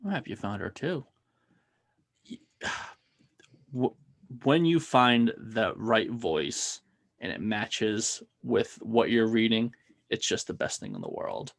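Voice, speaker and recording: A man hosting a casual interview, easygoing and relaxed in his remarks. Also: on the low side, slow pace, gravelly, long pauses. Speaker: podcast host.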